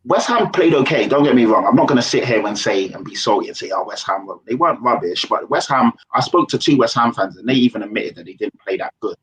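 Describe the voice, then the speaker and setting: A man's voice: medium pitch, expressive, fast, hardly any pauses, slight background noise, poor audio. A man, chatting football as a pundit, bantering and mocking himself. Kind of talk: casual football chat.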